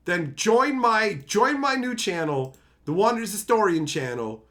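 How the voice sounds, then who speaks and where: Young guy streamer cussing up a storm, high voice swinging all over the place. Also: animated, measured pace, hardly any pauses, fairly bright tone. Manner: profane, theatrical ranting. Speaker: livestreamer. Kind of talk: livestream rant.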